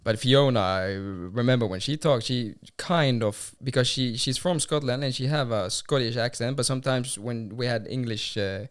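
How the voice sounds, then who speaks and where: Laughing man co-hosting a podcast chat, mid pitch, lots of fillers. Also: moderate pace, few pauses. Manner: chatty, laughs often, many fillers. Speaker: podcast co-host. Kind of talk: casual chat.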